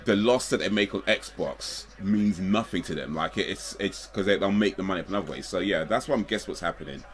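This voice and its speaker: A young man with a notably low, deep voice talks casually on a live stream. His delivery is relaxed and rambling, with easy chuckles and loose trailing sentences. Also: brisk, a little hiss or hum. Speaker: livestreamer. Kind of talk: casual live watch-along chat.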